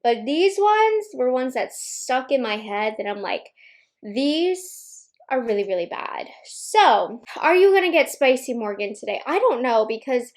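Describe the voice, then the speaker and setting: A young pregnant woman talks through a makeup review at home, candid and opinionated, slightly out of breath. Her voice sits a little high for a woman. She keeps a loose, chatty vlog tone. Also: very animated, normal speed, hardly any pauses. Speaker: beauty vlogger. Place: home room at a makeup table.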